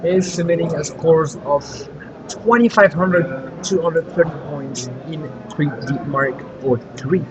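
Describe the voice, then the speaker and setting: A French-accented man co-hosts a live hardware event stream, chatting and playfully teasing as he runs giveaways. His voice sits fairly high, and a crowd murmurs clearly behind him at the busy venue. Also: a little slow, dull audio. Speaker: livestream co-host.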